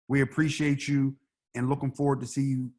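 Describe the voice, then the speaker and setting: A man's voice: medium pitch, level tone, a little fast, darkish tone. A man hosting a live video chat, upbeat and encouraging, in slangy talk. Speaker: host. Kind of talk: casual chat on a video call.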